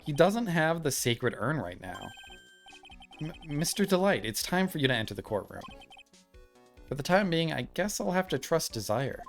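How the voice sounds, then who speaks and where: A man's voice: on the high side, sing-song, moderate pace, soft background music, pitched above the performer's own voice. A man voicing a young defense lawyer thinking aloud about his uncertain client. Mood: musing.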